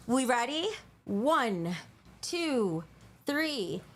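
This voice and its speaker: A woman's voice: on the high side, animated, very slow, fairly bright tone, a little hiss or hum. A woman hosting a casual livestream, talking to her chat in a crude, joking, bubbly way, sometimes out of breath. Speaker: livestream host.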